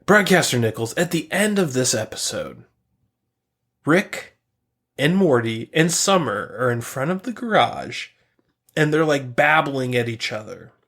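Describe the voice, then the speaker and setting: A man's voice: mid-range voice, very animated, a little slow, fairly bright tone. A man co-hosting a podcast, retelling a cartoon episode in casual chat, rambling with many fillers and swearing freely. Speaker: podcast co-host.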